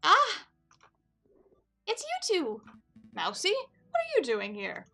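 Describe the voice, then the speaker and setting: A woman voicing a tiny jittery mouse assistant with a very high, squeaky voice and a flustered, stumbling way of talking. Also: wildly swooping pitch, slow pace, vocal fry, sharp tone, soft background music, exaggerated voice.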